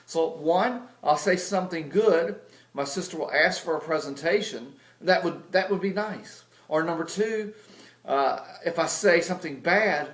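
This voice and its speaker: A man's voice: fairly high pitch, moderate pace, a bit bright, roomy sound. A man giving a humorous, self-deprecating sales lesson, telling stories with comic exaggeration. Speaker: video blogger teaching sales.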